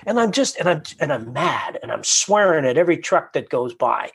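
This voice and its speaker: A man telling a personal story in conversation, animated and acting out his own inner voice. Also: fairly high pitch, normal speed, gravelly, hardly any pauses, husky.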